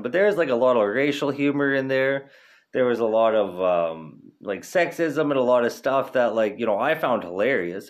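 A young man hosting a podcast in casual chat, laid-back and rambling, swearing freely, stoned. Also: medium pitch. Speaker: podcast host.

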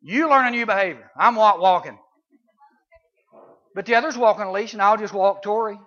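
A middle-aged man with a high, bright, forceful voice gives a folksy talk to youth at a camp. He tells homely stories and throws in sound effects and little voices. The recording is dull and lo-fi. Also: fairly quick. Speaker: camp speaker.

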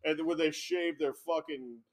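A man telling a story in casual chat, animated, swearing freely, often breaking into laughs. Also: on the high side, measured pace.

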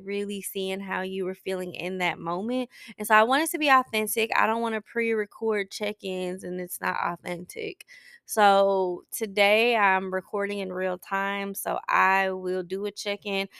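A woman's voice: mid-range voice, vocal fry, fairly bright tone, smooth, dry recording, studio quality. A woman hosting a podcast, talking candidly about her week in a personal check-in, rambling with restarts and tearful. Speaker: podcast host. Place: Saint Louis.

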